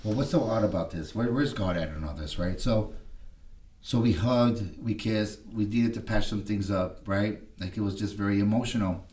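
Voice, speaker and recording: A lower-voiced man tells a long story in a loose, lively way, slipping into the voices of the people in it. He sits back from the mic, so the room rings around him. He checks in with his listener again and again. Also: moderate pace, reverberant, distant mic. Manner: animated storyteller, acts out quotes, frequent "you know what I mean". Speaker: podcast guest in recovery. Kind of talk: casual storytelling chat.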